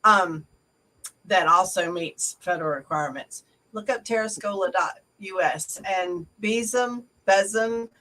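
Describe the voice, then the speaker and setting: A Southern woman co-hosting a casual chat, folksy and joking, quick to laugh. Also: on the low side, pushed and bright, distant mic, low-quality recording. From American South. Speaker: co-host.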